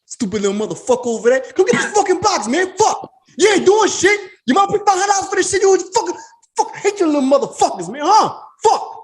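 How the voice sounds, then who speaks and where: A man voicing a cranky fortyish man who curses and shouts at lazy young men during a podcast story. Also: extremely high pitch, big pitch swings, rapid-fire, hardly any pauses, voice pushed up. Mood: ranting. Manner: profane, shouting, exasperated ranting.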